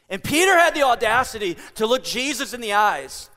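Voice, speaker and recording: A man's voice: extremely high pitch, expressive, a little fast, few pauses, pushed and bright, big-room sound. A man preaching a sermon to a congregation, playful and joking with the crowd. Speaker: pastor. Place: church hall.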